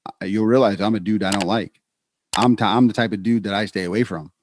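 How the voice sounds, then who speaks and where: A man's voice: fairly low pitch, a little hiss or hum. A man co-hosting a podcast in casual chat, telling stories with many restarts. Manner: storytelling, animated, quick restarts. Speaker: podcast co-host.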